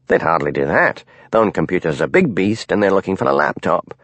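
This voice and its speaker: A man's voice: sits low, sing-song, a little fast, fairly bright tone, no room sound, full character voice. A man voicing a blunt, crude, hard-drinking male police detective.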